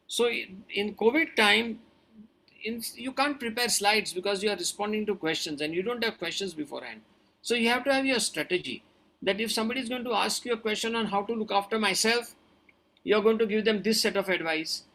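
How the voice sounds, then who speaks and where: A man's voice: sits high, sharp tone. A man who is a doctor, answering audience questions over a video-call webinar in an earnest, advising way and repeating his key points.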